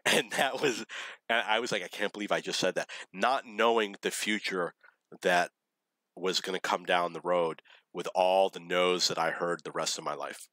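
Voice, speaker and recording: A man's voice: low voice, fairly even intonation, normal speed, bright, forceful tone, no room sound. A middle-aged man telling rambling personal stories in a blunt, opinionated way, laughing at his own memories. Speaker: vlogger telling dating stories.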